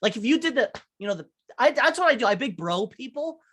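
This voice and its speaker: A woman's voice: on the high side, big pitch swings, fast talker, fairly bright tone, husky. A woman chatting loosely on a podcast, full of fillers and swearing. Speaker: podcast co-host. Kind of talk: casual chat.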